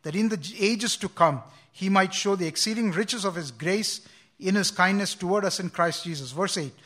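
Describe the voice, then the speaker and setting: Bright-voiced male preacher, earnest. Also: high voice, moderate pace. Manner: earnest, repeats words and restarts, quotes scripture with emphasis. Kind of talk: sermon.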